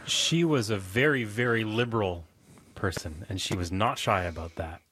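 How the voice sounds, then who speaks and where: Husky-voiced male interviewer. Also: lowish voice, moderate pace, fairly bright tone, dry recording. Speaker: radio interviewer. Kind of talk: broadcast interview.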